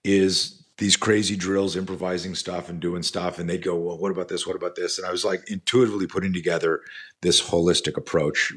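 A man in his sixties with a very deep, husky voice tells a story in an interview. He rambles with plenty of fillers and swears casually as he talks about his teaching work. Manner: animated, profane, rambling with many fillers. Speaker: self-defense instructor and company founder.

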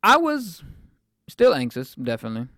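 A man's voice: fairly high pitch, wildly swooping pitch, normal speed, sharp tone, no echo, studio quality. A man of twenty-four hosting a podcast, reflecting at length on a personal faith story in a rambling way, with fillers. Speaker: podcast host.

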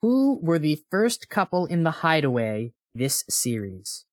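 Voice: mid-range voice, sing-song, unhurried, no echo, clean studio sound. A podcast host running a quiz on a co-host, in casual chat, playful and teasing.

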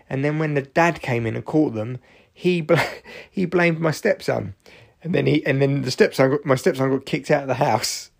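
A man's voice: on the high side, vocal fry. A man in his forties, tired and achy, rambling through a sweary, jokey solo podcast monologue. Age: 40s. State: tired, achy after exercise. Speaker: podcast host.

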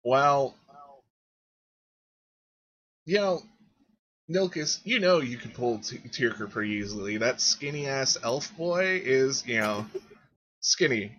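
A man's voice: medium pitch, animated, measured pace, a bit bright, muffled recording. A man narrating as game master, describing scenes and speaking directly to the players.

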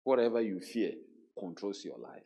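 A man preaching a sermon, emphatic, repeating words and dropping into hushed quotes. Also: lowish voice, very animated, normal speed, gravelly.

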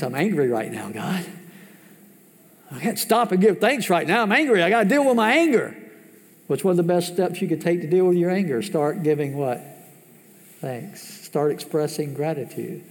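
A man preaching a sermon as pastor, asking the congregation questions and swinging between loud, high emphasis and hushed, low asides. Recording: long hall reverb.

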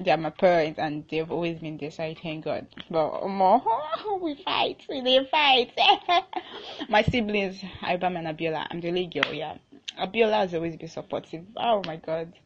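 A woman's voice: on the low side, highs cut off. A young woman with a Nigerian accent, hosting her own casual podcast. She chats loosely, restarts often and laughs between thoughts. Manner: chatty, with frequent restarts and laughter. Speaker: podcast host.

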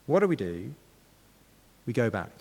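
A man's voice: medium pitch, very animated, measured pace, a little mellow, breathy edge, big-room sound. A man preaching a sermon in a conversational way, often asking his listeners rhetorical questions.

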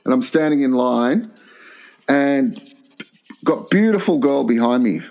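A man's voice: mid-range voice, lively intonation, unhurried, darkish tone. A man co-hosting a comedy podcast, telling crude stories and acting out the other people in them. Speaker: podcast co-host.

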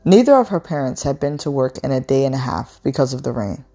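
A woman reading a novel aloud in a measured, unhurried way, with an occasional stumble over a word. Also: very deep voice, animated, dark tone, husky.

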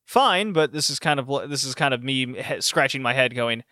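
A man hosting a casual podcast, animated and laughing often, with rambling asides. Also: medium pitch, moderate pace, few pauses, dry recording, studio quality. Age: adult with a university degree. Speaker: podcast host reviewing wrestling shows. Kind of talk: casual chat.

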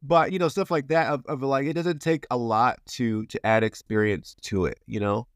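A man's voice: medium pitch, steady tone, normal speed, no echo, clean studio sound. A man hosting a casual interview, rambling and playful with lots of restarts. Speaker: podcast host. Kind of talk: casual conversation.

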